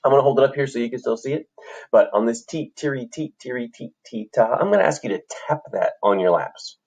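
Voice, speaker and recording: A man's voice: medium pitch, lively intonation, quick pace, a little mellow, slightly rough, lo-fi sound. A man teaching an online music lesson to children, upbeat and encouraging as he chants rhythm syllables, recorded on a computer microphone indoors.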